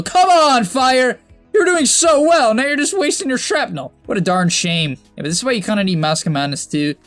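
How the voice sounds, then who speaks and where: A young man coaching over a game replay in casual, chatty commentary that bursts into exasperated shouts and laughter. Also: fairly high pitch, no echo.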